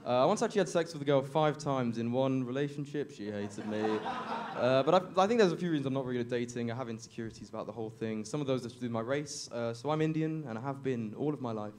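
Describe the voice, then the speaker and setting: A man's voice: mid-range voice, quick pace, a little mellow, slight background noise. A young man doing a stand-up comedy set on a club stage, awkward and self-deprecating, chuckling at his own jokes into a handheld mic.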